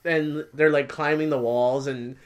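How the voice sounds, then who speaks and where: A man's voice: a little high, steady tone, a little slow. Young man laughing through casual podcast chat. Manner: laughs often, swears. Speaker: podcast co-host.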